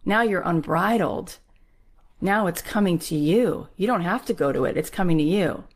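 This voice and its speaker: A motivational speaker with a lowish voice tells a story at a moderate pace. She's emphatic, repeating key phrases for punch, and animated as she acts out the people in it.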